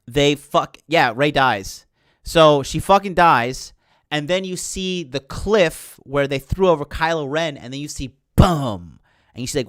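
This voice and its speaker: A fairly high-voiced man rants through a movie recap, indignant and crude, with a steady stream of swearing and filler words. His voice is smooth and clear, and the recording is dry and close with no room sound. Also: no room sound. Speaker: podcast host. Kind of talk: casual profane movie recap.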